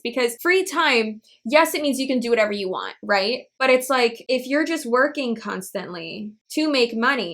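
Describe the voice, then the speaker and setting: A woman's voice: a little high, fairly bright tone. A young woman giving blunt, sassy vlog commentary, swearing freely and tearing up as she talks. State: teary and emotional. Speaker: anti-MLM commentator.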